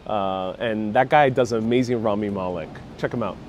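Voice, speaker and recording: A man's voice: fairly low pitch, brisk, a little mellow, a little hiss or hum. A man hosting a casual walking live stream outdoors on a city street, joking around and reading viewer comments aloud. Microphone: phone on gimbal with wireless lapel mic.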